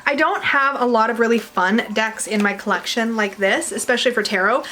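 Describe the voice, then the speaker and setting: A woman's voice: a little high, fairly quick, sharp tone. Chatty, giggly woman vlogging at home. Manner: chatty, giggly, rambling with fillers. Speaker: tarot vlogger reviewing decks. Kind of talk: casual chat to camera. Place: home room with her dog nearby.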